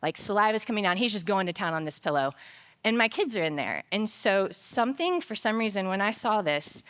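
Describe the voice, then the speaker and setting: On a conference stage, a woman with a clean, mid-range voice talks a little fast. Her faith-centered talk on work is built from humorous personal stories before she shifts into an earnest, reflective tone to make her point.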